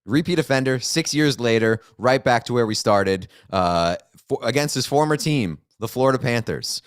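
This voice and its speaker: A man's voice: medium pitch, lively intonation, normal speed, clear, resonant tone, dry recording. A man co-hosting a sports podcast in casual chat, giving dry, wry commentary. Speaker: podcast co-host.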